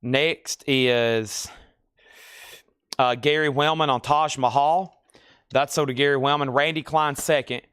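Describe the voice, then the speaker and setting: Smooth-voiced man running a record sale. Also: mid-range voice, fairly even intonation, measured pace, pauses often, fairly bright tone, no echo, clean studio sound. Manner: chatty, rattles off titles and prices between side stories. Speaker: host of a live record sale. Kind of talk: live sale patter.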